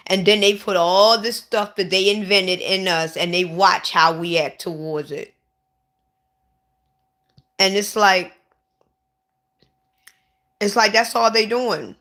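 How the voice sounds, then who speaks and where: A woman's voice: medium pitch, takes it slowly, long pauses, fairly bright tone. A woman who is sick and lightheaded, talking casually and upset to her livestream viewers, repeating herself and restarting often. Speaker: vlogger.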